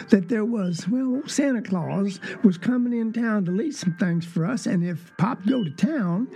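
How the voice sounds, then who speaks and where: An actor playing a gravelly Southern country child storyteller. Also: mid-range voice, darkish tone. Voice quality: folksy dialect storytelling, drawling asides. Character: rural Southern child telling a Christmas memory. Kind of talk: dramatic monologue.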